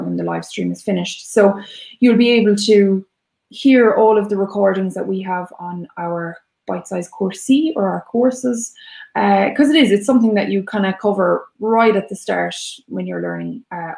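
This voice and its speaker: A woman's voice: mid-range voice, vocal fry, a little mellow, echoey room. A young woman co-hosting a live-stream language lesson. She explains in a chatty way, with lots of "uh" and "so". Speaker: co-host and Irish teacher.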